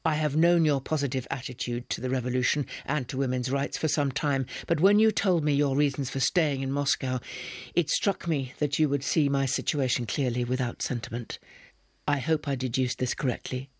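A man voicing an awkward, earnest young male revolutionary who speaks in a ponderous, hesitant monotone. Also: mid-range voice, moderate pace, no echo, studio quality, natural voice.

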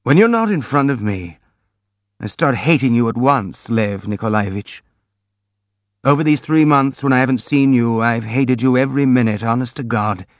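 A man's voice: medium pitch, expressive, normal speed, no echo, close to an everyday voice. A brooding, jealous and passionate young man, as a male audiobook reader voices him, bitter and confiding. The sound is dry, close and a little lo-fi. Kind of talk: audiobook dialogue reading.

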